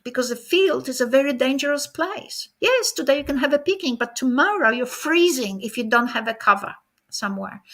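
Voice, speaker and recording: A woman delivers a conference keynote in a high, bright, forceful voice. She talks straight to her audience. She keeps checking in with rhetorical questions as she explains. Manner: addresses the audience directly. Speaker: keynote speaker.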